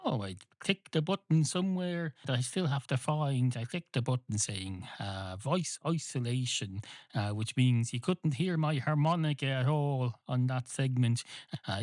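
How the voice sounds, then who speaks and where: A man hosting a comedy podcast, rambling in a deadpan way, swearing and interrupting himself. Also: mid-range voice, no room sound. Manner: profane, self-interrupting, deadpan. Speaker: podcast host.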